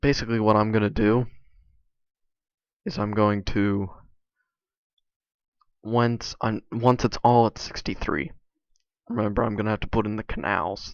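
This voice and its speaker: Low, gravelly young man rambling. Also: dry recording. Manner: halting, filler-heavy, many restarts and likes. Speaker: video creator. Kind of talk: casual rambling commentary over gameplay. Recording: dull lo-fi mic, dry.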